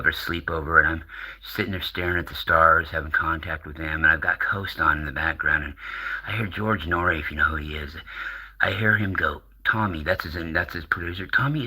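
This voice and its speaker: A man's voice: very deep voice, sharp tone, slightly rough, poor audio. A middle-aged American man rambling casually as a channel host, swearing and laughing often.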